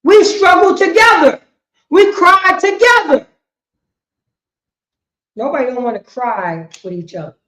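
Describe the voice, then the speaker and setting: A woman, teaching a class in a preaching style, emphatic and repetitive, swinging between loud bursts and quiet asides. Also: high voice, animated, unhurried, pauses often. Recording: echoey room, muffled lo-fi sound.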